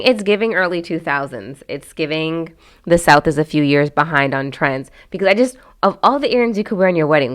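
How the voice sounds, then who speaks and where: A woman with a notably low voice hosts a casual commentary vlog, chatty and candid, often trailing off and restarting and using plenty of fillers as she shares frank opinions.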